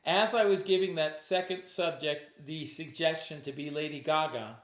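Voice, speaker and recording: A man's voice: fairly high pitch, normal speed, reverberant. A stage hypnotist telling a true story from his shows in a casual, conversational way, often quoting himself. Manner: conversational, with restarts and acted quotes.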